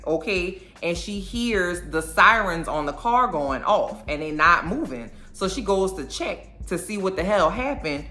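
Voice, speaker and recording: A woman giving a casual, animated and sassy recap of a TV episode. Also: lowish voice. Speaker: show recapper.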